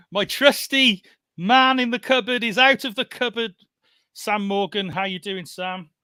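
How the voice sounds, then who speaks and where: Bright-voiced chatty male podcast host. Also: high-pitched, a little slow, smooth, no room sound, studio quality. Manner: chatty, laughs often, restarts and hedges. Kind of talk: casual live show chat.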